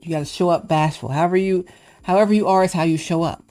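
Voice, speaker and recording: A woman's voice: lowish voice, quick pace, mellow, faint music behind. A woman hosting a casual livestream, musing playfully and shifting into encouragement, now and then acting out little character voices. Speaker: live stream host.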